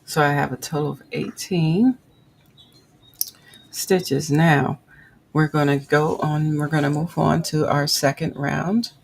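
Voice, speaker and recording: A woman's voice: low voice, steady tone, slow pace, gravelly, a little hiss or hum, low-quality recording. A woman hosting a live crochet tutorial, counting stitches aloud and chatting with viewers as she works. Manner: chatty, reads and answers live chat. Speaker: crochet livestream host.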